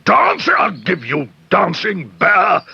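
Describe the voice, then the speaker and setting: A man's voice: high-pitched, big pitch swings, slow, gravelly, bright, forceful tone, husky, pitched above the performer's own voice, exaggerated voice. A man voicing a grumpy, irritable older neighbour, snapping in exasperation in a cartoon. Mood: indignant. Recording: dull old TV soundtrack with hiss.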